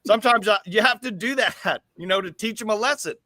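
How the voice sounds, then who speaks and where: A man's voice: sits high, brisk, pushed and bright. A man from the US co-hosting a casual talk show, rambling and repeating words as he thinks aloud. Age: adult with school-age kids. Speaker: show co-host.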